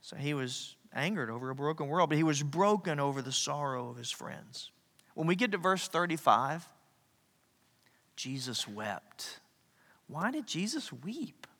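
A male pastor preaching a sermon, animated, swinging from loud emphasis to near-whispers. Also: fairly high pitch, moderate pace. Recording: echoey hall reverb.

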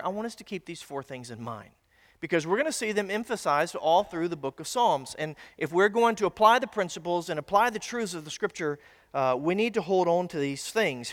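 With a fairly high, fairly bright voice, a pastor teaches his congregation from the sanctuary. His sermon is conversational and folksy, sprinkled with asides, and the sound carries long hall reverb.

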